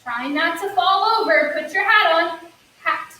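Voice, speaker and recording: Unhurried and sharp in tone, her very high voice carries a counting story for a kids' story yoga class. She keeps it sing-song and encouraging with playful sound effects. The recording has room echo, a far-off mic and a faint hiss.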